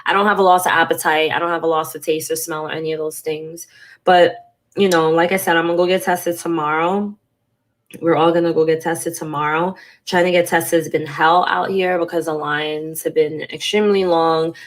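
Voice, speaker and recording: A woman's voice: sits low, little pitch movement, normal speed. A congested woman in her thirties talking frankly and casually to her viewers in a personal vlog, swearing now and then. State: congested from a cold. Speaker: vlogger.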